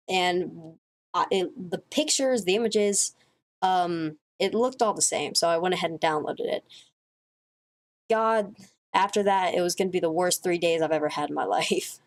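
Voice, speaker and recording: A woman vlogger telling a rambling, profane story in a casual monologue, full of swearing, fillers and restarts. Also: lowish voice.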